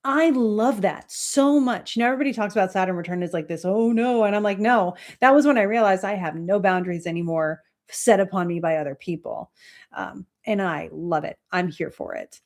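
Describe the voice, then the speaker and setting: A woman in her thirties hosting an astrology livestream, chatting casually with viewers in a rambling way, with many fillers and soft laughs. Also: medium pitch, fairly quick.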